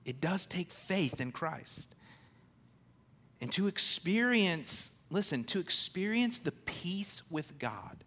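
A man preaching a sermon in a conversational, emphatic way, swinging from loud declarations to hushed, intimate lines. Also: medium pitch, a little hiss or hum. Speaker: pastor.

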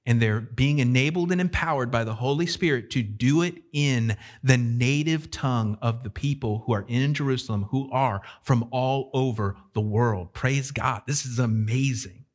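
A man preaching a sermon as a pastor, in a conversational, animated way that keeps putting questions to the congregation. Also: mid-range voice, moderate pace, hardly any pauses.

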